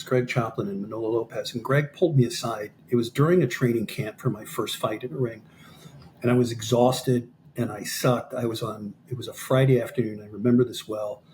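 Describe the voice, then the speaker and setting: Animated storytelling man in his fifties. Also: mid-range voice, a little hiss or hum. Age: 50s. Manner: animated storyteller, acts out quoted dialogue. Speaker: podcast guest, amateur fighter. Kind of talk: storytelling in an interview.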